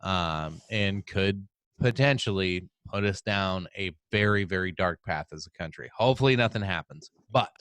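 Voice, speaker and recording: A low-voiced man ranting on a podcast, heated and profane, swearing as he builds up steam. His voice sits dry and close, with no room sound around it. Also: moderate pace, a bit bright, clean tone, dry recording. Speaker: podcast co-host. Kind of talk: casual political chat.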